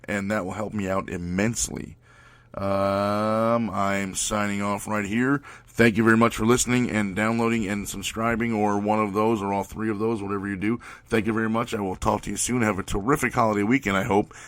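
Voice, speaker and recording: A man's voice: lowish voice, fairly bright tone, no echo. A man hosting his podcast, telling rambling, profane stories packed with fillers. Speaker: podcast host. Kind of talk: casual storytelling.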